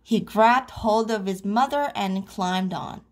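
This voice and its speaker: A woman reading a children's picture book aloud in a playful, animated way. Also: mid-range voice, slow, hardly any pauses. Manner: animated, playful sound effects. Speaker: storyteller.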